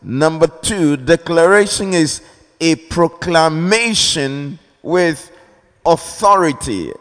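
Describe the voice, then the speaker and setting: A man from Ghana preaching a sermon, deliberate and repetitive, calling on the congregation for amens. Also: a little high, animated, a bit bright. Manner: slow, deliberate, repeats key phrases, calls for amens. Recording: long reverb of a large hall.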